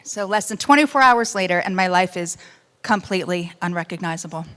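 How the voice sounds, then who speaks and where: A woman's voice: lowish voice, a little fast. Woman telling her story with swings in volume. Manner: animated, swings between loud outbursts and hushed moments; wry humor amid serious story. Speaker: speaker giving personal testimony. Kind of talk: emotional first-person storytelling speech.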